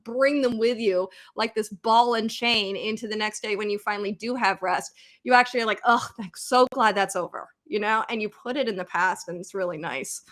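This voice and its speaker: Bright-voiced American woman, candid. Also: a little high. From United States. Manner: candid, conversational, quotes her own thoughts. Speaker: psychologist guest. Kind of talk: podcast interview.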